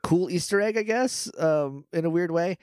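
Man, podcast co-host. Casual, jokey movie recap in a fairly high voice, dry close sound. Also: darkish tone, clean tone, no echo. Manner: rambling, jokey, acts out film lines in quick quoted voices.

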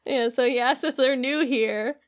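A woman's voice: high voice, normal speed. A woman co-hosting a podcast, chattily recapping a video game with lots of fillers. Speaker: podcast co-host.

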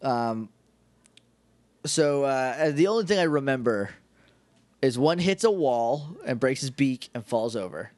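A man's voice: mid-range voice, lively intonation, unhurried, long pauses, a little mellow. A man co-hosting a podcast, recapping a movie in casual chat, joking and laughing often as he acts out the characters' lines. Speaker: podcast co-host.

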